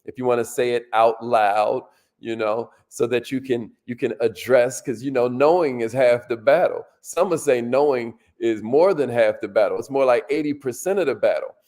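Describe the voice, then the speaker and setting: A man giving a motivational workshop talk with plenty of energy. He repeats key lines for emphasis and keeps calling out to his listeners for answers. His voice sits at a middling pitch, and his delivery is casual and loose. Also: moderate pace, few pauses, darkish tone. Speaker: motivational speaker.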